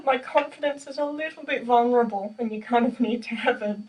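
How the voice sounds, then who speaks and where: A young adult woman, a percussion student, chats casually while demonstrating snare exercises in a practice room, joking at her own expense and using lots of fillers. Her voice is fairly high, a little mellow, and slightly quick. A distant mic picks her up with drumming behind.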